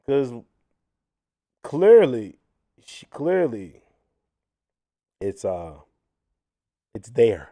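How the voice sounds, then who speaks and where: Male livestream host, mellow tone, animated delivery full of restarts, chatty. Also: fairly high pitch, a little slow, long pauses. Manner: animated, frequent restarts, addresses viewers as y'all. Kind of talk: casual commentary livestream.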